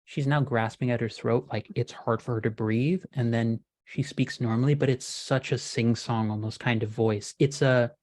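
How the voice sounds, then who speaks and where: A woman narrates a tabletop role-playing game as its game master. She describes each scene in a measured, descriptive way. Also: extremely low pitch, steady tone, a little mellow.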